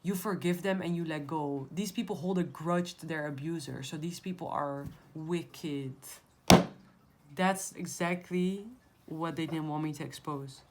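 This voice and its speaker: A woman with a somewhat low voice talks straight to her viewers as she reads tarot cards. She is blunt and emphatic and swears freely in a casual tone. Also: measured pace, noisy background. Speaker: tarot reader. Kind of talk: casual tarot reading to camera.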